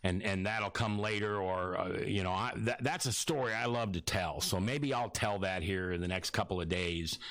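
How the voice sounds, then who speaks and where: A radio host discussing his book tells a long personal story in casual conversation, wandering off track, starting over, and acting out what other people said to him. His voice is low and fairly bright, moving at a normal speed with hardly any pauses, and the recording is dry.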